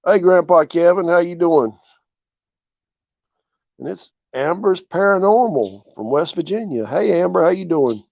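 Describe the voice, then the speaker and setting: A man, relaxed and chatty, hosting a casual livestream from his porch and greeting viewers by name. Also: sits high, a little slow, vocal fry, no echo. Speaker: channel host. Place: outdoors on a porch. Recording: dull, dry lo-fi sound.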